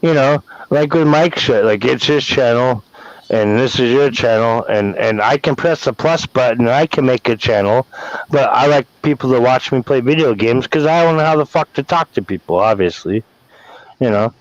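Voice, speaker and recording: A man's voice: medium pitch, normal speed, dry recording. A man from Wyoming, rambling and swearing as he vents emotionally in a casual chat. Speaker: guest caller venting. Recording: dull lo-fi sound.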